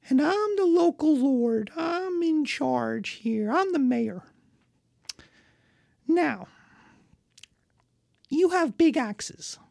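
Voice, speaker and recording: A woman voicing a sly, eager rich small-town man, high and wheedling as she acts him out in a lesson. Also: creaky, a little mellow, dry recording, clean studio sound, exaggerated voice. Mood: fawning. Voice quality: high, wheedling, sing-song.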